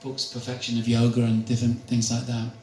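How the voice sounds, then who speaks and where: A man's voice: medium pitch, completely flat delivery, a little fast, darkish tone. An older man giving a spiritual talk, chatty and anecdotal, who laughs often. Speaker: spiritual speaker. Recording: echoey room, distant mic, faint noise.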